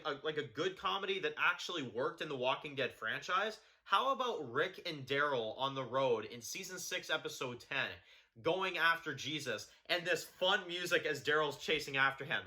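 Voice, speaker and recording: A man's voice: a little high, lively intonation, normal speed, pushed and bright. A man giving a blunt, profane, heated video review of a TV show.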